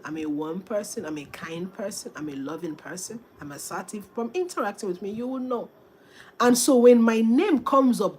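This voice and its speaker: A woman coaches business owners in a motivational talk, with an emphatic, preachy delivery. She speaks straight to her listeners. Her voice sits a little high for a woman. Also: husky. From Africa.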